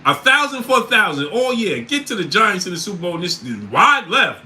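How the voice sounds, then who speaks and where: Male stream host, bright and animated, prone to loud bursts of disbelief. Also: high-pitched, fairly quick, few pauses, low-quality recording. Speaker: sports livestream host. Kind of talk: casual livestream chat.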